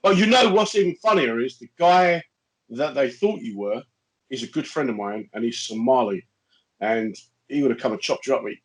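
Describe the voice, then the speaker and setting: A man's voice: medium pitch, normal speed, poor audio. A man co-hosting a casual comedic chat, telling stories and acting out the voices of people in them. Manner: animated storyteller, acts out voices in quotes. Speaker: co-host, comedian.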